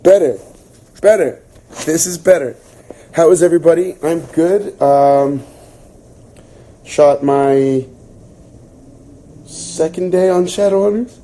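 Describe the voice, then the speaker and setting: This young streamer has a fairly high voice and talks slowly, leaving long pauses. Hosting a relaxed book club livestream, he chats with lots of fillers and reads out and responds to viewer comments.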